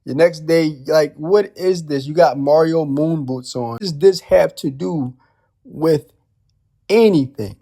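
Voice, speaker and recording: A man's voice: a little high, unhurried, gravelly, dark tone. A man giving casual ranting commentary as a wrestling vlogger, firing off incredulous rhetorical questions in loose slang.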